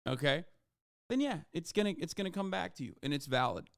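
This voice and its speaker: A male streamer holds forth to his live chat with a slightly raised, smooth, resonant voice. He mocks and swears freely, piling on sarcastic asides and restarts. The sound is close and dry, with no room around it. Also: fairly high pitch, brisk, no room sound. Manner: profane, sarcastic and mocking; animated, with frequent restarts and emphatic asides. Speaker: livestreamer. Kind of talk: casual livestream rant to chat.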